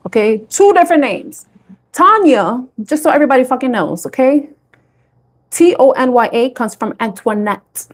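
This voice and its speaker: Casual woman tarot reader, fairly high voice, swears freely, animated chat. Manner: chatty, swearing, laughing often; animated storytelling.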